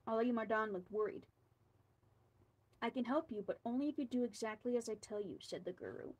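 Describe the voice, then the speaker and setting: A woman reading a scary folk tale aloud, slipping in quiet asides between the lines. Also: fairly high pitch, expressive, fairly quick, low-quality recording. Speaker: storyteller.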